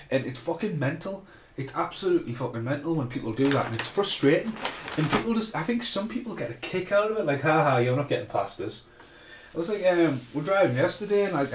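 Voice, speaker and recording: A man's voice: medium pitch, a little hiss or hum. A man hosting a casual film commentary podcast, rambling and swearing freely as he rants. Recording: roomy echo.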